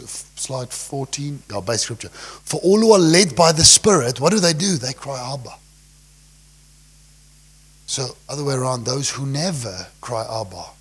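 Young south african pastor preaching, husky voice, gets loud on the verses then drops real quiet. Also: male voice. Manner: swings between loud scripture calls and soft, low asides. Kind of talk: sermon.

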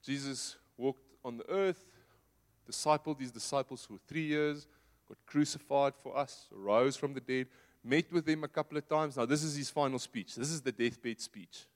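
A man preaching a sermon in a conversational way, asking the congregation rhetorical questions and dropping to a soft low voice to make a point. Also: moderate pace. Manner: drops to a soft low voice for emphasis. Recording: long hall reverb.

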